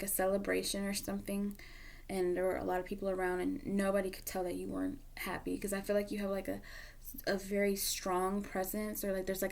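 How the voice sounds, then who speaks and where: Woman tarot reader, casual and emotional, gravelly mid-pitched voice that sinks to a whisper. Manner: emotional, candid, swings from loud to whispery. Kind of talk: casual tarot reading to camera.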